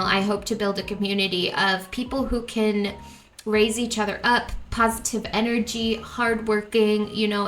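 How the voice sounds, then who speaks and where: A woman's voice: medium pitch, sharp tone. A young woman hosting a reaction video, talking casually and emotionally, rambling and stumbling over her words. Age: young adult.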